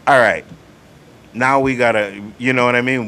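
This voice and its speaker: A man's voice: medium pitch, steady tone, normal speed, pushed and bright, slight background noise. A man hosting a casual livestream talk show, telling stories in a profane, emphatic way. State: coughing. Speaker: show host.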